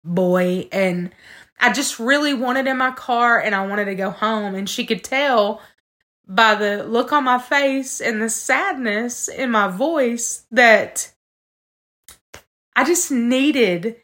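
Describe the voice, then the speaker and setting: A woman's voice: fairly high pitch, slow pace, a bit bright. A woman telling a personal story earnestly on a casual podcast, talking straight to her listeners. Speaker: podcast co-host.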